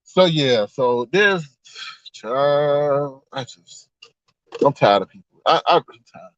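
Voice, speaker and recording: Guy rambling on his livestream, voice swoops up and down a lot, kinda high, dull dry mic sound. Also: takes it slowly, no room sound. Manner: animated, rambling, exclaims and laughs often. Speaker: livestream host. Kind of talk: casual livestream chat.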